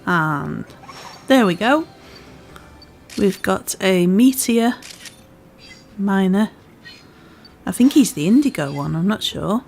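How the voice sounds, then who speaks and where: Woman, Scouse-Welsh accent, gaming host, chatty let's-play commentary, mid pitch, quiet game music behind. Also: animated, takes it slowly, vocal fry, pauses often. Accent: part Scouse, part Welsh. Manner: chatty, self-deprecating, talking to herself while playing.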